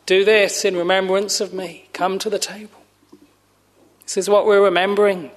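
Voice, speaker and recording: A man preaching a sermon in a slow, solemn, measured way with long pauses, sometimes dropping to a hush. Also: sits high, flat delivery.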